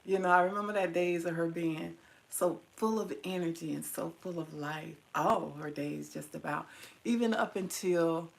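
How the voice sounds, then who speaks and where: A woman's voice: on the low side, normal speed, creaky, poor audio. A middle-aged woman tenderly reminiscing about her mother to her viewers, at times teary-eyed. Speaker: vlogger. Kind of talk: personal storytelling to viewers.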